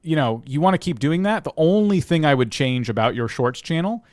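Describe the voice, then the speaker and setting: A man's voice: a little high, expressive, brisk, darkish tone, no room sound, studio quality. A man co-hosting a livestream, reviewing channels in an easygoing, advisory way. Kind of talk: livestream casual chat.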